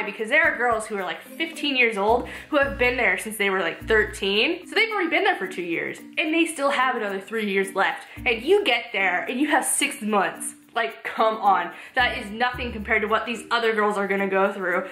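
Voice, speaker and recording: A young woman in a casual, exasperated book review rant, animated and full of "like". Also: medium pitch, normal speed, few pauses, roomy sound, soft background music. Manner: animated, exasperated, says "like" often. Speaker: book vlogger.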